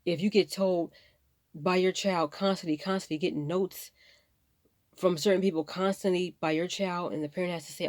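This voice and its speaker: Impassioned woman with a lowish voice. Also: steady tone, fast talker, a little mellow, no room sound. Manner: impassioned, rambling, fighting back tears. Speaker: vlogger. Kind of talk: emotional personal vlog.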